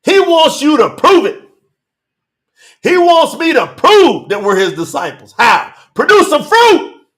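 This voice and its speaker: A man preaching a sermon, reading scripture verses and commenting on them with emphatic rhetorical questions and bursts of shouting. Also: very high voice, very animated, a little slow. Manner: breaks into shouting.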